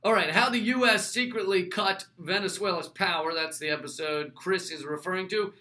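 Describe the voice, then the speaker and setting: A man hosting a casual show, answering viewer questions in a wry, sarcastic way with quick restarts and asides. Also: high-pitched, sharp tone. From United States. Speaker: host.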